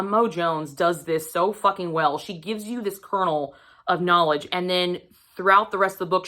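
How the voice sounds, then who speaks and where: A woman's voice: on the low side, pushed and bright. A woman giving a casual book review vlog, emphatic and profane, acting out her own reactions.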